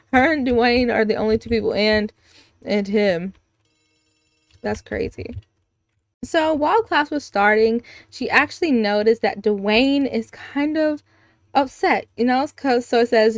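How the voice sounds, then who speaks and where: A woman's voice: on the high side, expressive, measured pace, no room sound, studio quality. Chatty young woman narrating gameplay. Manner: chatty, bursts into gasps and giggles. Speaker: gaming video creator. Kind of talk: casual gameplay commentary.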